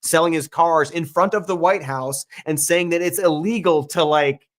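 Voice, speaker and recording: A man's voice: a little high, moderate pace, a bit bright. A man with a slightly raised voice reads scripted political commentary. His tone is sarcastic and dryly mocking throughout, as if in a clip played on another show. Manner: sarcastic, dry mockery.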